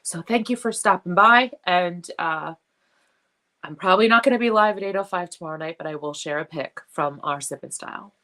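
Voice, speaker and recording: A woman with a somewhat low voice talks to her followers on a live stream. She sounds tearful and emotional, and her heartfelt words come out halting, broken up by frequent fillers and pauses. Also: bright, forceful tone. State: tearful, has been crying. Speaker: jewelry business live-stream host.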